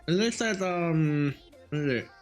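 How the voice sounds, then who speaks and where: This young man speaks at a measured pace in a fairly high voice. English is his second language and he has a Vietnamese accent; while streaming, he casually tells a rambling story packed with fillers and restarts, with faint music behind him.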